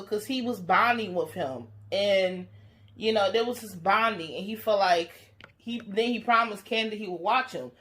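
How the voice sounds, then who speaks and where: A woman giving a blunt, profane, animated recap of a TV episode in casual commentary. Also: on the high side. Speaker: TV reaction reviewer.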